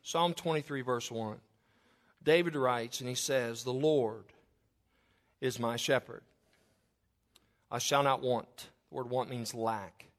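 A man's voice: mid-range voice, takes it slowly, pauses often. Earnest preacher man. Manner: earnest preaching, reads scripture aloud with emphasis. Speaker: pastor. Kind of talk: funeral sermon.

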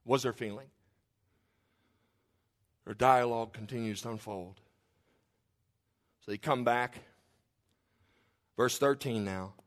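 A man preaching a sermon in a lively, conversational way, with humorous asides and acting out the figures in the story. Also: medium pitch, slow, long pauses.

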